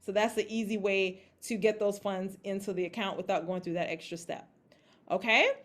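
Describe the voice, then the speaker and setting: A woman's voice: medium pitch, steady tone, normal speed. A woman giving a casual how-to talk to a group, checking in often with "okay?" and "all right?", and acting out panicked reactions now and then. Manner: acts out her own panicked reactions in a raised voice. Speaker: crypto investing presenter.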